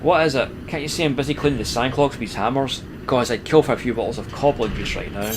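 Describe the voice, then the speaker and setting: A man's voice: medium pitch, quick pace, noisy background, natural voice. A man voicing a harried male mechanic in a video game, brusque and impatient.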